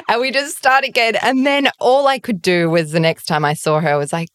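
A woman's voice: medium pitch, animated, brisk, hardly any pauses, fairly bright tone, clear, resonant tone, dry recording, studio quality. A woman from Australia, a guest author in a podcast conversation, telling stories with animation and acting out her own dialogue.

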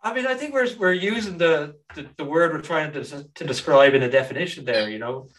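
Hesitant, rambling co-host. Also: male voice, fairly high pitch, expressive, brisk, fairly bright tone. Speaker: podcast co-host. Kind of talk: casual podcast chat.

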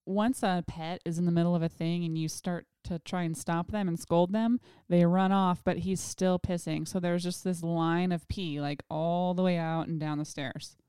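Mellow, smooth-voiced woman chatting. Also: lowish voice, steady tone, normal speed, hardly any pauses, no room sound, clean studio sound. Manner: chatty, laughs often. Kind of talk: casual chat.

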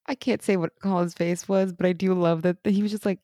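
A young woman co-hosting a casual TV recap chat, animated and laughing as she acts out lines from the show. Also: mid-range voice, moderate pace, no echo, studio quality. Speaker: podcast co-host.

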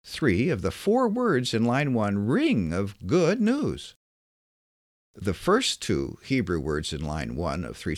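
A man reading a scripted Bible lesson in a measured, emphatic way. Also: fairly low pitch, dry recording, clean studio sound. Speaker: Bible teacher.

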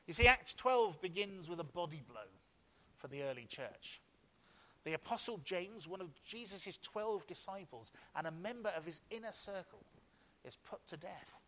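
A man's voice: sits high, lively intonation, moderate pace, pushed and bright. A male pastor delivering a sermon in church, telling a story with frequent restarts before reading scripture.

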